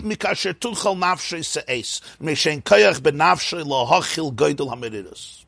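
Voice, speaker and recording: A man leads a Chasidic text class in a slightly high, husky voice. He chants Hebrew lines in a sing-song and breaks into lively explanations, recorded close and dry. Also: moderate pace, hardly any pauses, dry recording. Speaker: Torah teacher.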